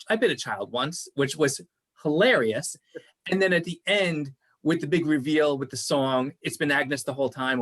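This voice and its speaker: A man co-hosts a casual review podcast, his voice bright and a little high. He rambles, restarting and repeating words as he gathers his thoughts. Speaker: podcast co-host reviewing a series. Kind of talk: casual chat.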